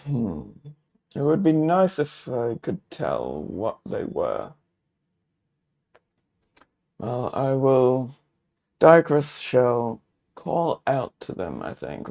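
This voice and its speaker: A man's voice: mid-range voice, gravelly, a little mellow. A man narrating a solo tabletop adventure, musing and thinking aloud with many fillers.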